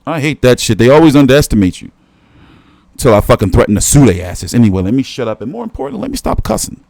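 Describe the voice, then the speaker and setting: A man talks boxing on his own stream, cussing and rambling as he reacts to clips. His voice jumps up and down in pitch, and the sound is dry and close with no room around it. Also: big pitch swings, quick pace, gravelly, darkish tone, no room sound. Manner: profane, rambling, talks back to viewers. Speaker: boxing commentary host. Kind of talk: casual reaction commentary.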